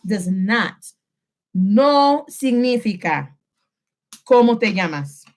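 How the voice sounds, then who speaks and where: A woman teaching a Spanish lesson, switching between English and Spanish and slowing down to stress key phrases. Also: fairly high pitch. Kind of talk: classroom lesson.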